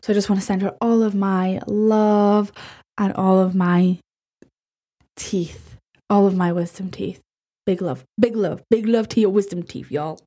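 A Scottish woman hosting a podcast, chatting in a bubbly, rambling, excitable way. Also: mid-range voice, a little slow. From Scotland. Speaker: podcast host. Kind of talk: casual chat.

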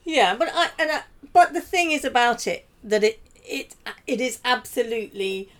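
A woman's voice: fairly high pitch, animated, moderate pace, a bit bright. A woman hosting a podcast interview, upbeat, laughing often and prompting her guests with questions. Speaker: podcast host. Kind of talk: casual interview.

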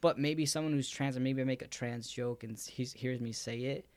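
A man's voice: mid-range voice, fairly quick, dry recording. A young man in casual podcast conversation, talking in a loose, rambling way full of fillers. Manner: relaxed, rambling, heavy on filler words.

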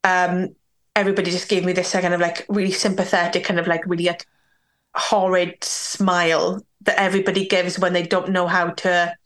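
Woman, young adult, guest storyteller; lowish, even delivery, candid, "like"-heavy, quotes others aloud. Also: moderate pace. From Wales. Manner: candid, talks with many "like"s and acts out quoted dialogue. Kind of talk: personal storytelling in a podcast interview.

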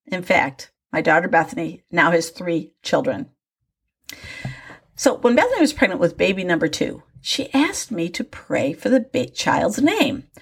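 A woman's voice: mid-range voice, vocal fry, slightly rough. An older woman with grandchildren, telling a personal faith story in a reflective, wry and self-deprecating way.

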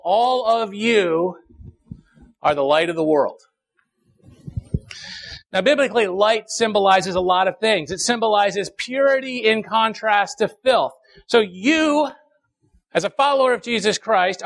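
A male pastor, preaching a sermon with emphatic repetition and dramatic pauses. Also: sits high, gravelly, a bit bright.

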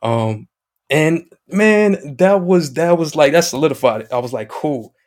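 A man guest on a podcast, telling a video game story in a casual, excited way, acting out what others said and swearing mildly. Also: a little high, normal speed. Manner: excited storyteller, acts out quoted chat, mild swearing.

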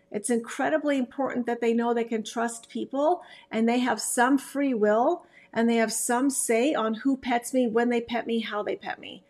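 A woman with a gravelly, fry-tinged voice that sits a little higher than most. She talks through dog-training advice in a loose podcast monologue. Her delivery is emphatic and chatty, and she often stops and restarts her sentences. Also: a little mellow.

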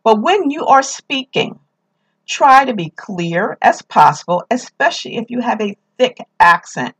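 A woman's voice: on the high side, big pitch swings, a little slow, a bit bright, slightly rough. A woman with a New York accent hosting a podcast, giving casual tips in an upbeat, emphatic way and repeating her key phrases. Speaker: podcast host.

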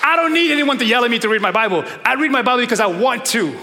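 A male pastor preaching a sermon with emphatic swings from shouting to low, quiet stretches. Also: lively intonation, racing, gravelly, a faint crowd, slight background noise. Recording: long reverb of a large hall.

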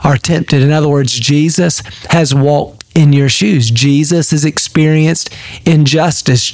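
A man's voice: a little high, darkish tone, no room sound. Earnest pastor, a man with a dry close sound. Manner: earnest, emphatic preaching. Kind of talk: daily devotional Bible teaching.

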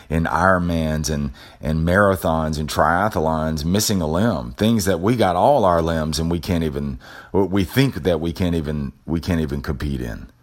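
A man with an extremely low, booming-deep voice delivers a motivational talk as a show host. He leans on repetition and builds an emphatic, preacher-like cadence. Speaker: podcast host.

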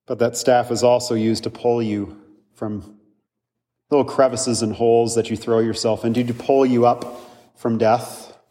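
A man preaching a sermon as a pastor, earnest and conversational, often checking in with his listeners with quick asides. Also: mid-range voice, level tone, warm tone, long reverb tail.

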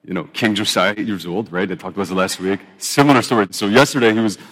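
A man in his thirties preaching a sermon in a relaxed, conversational way, often restarting his phrases. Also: on the low side, quick pace, big-room sound. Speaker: pastor.

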